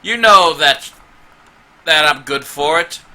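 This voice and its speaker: A man voicing an angry male dwarf road-builder who rants loudly and indignantly. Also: a little high, animated, takes it slowly, exaggerated voice. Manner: loud, indignant ranting.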